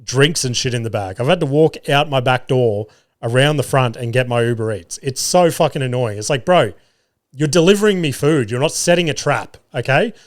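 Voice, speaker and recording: A man's voice: medium pitch, normal speed. A young adult man, hosting a podcast in casual chat, rambling through stories and swearing freely. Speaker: podcast host.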